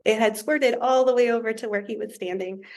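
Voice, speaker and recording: A woman's voice: a little high, fairly quick. Humorous woman telling a story. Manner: humorous, animated retelling. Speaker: podcast guest. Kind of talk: casual storytelling.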